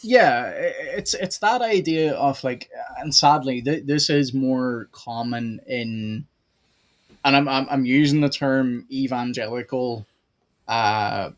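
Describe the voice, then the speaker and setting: A man's voice: mid-range voice, takes it slowly. A man with an Irish accent hosting a casual theology podcast, asking long, rambling questions. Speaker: podcast host.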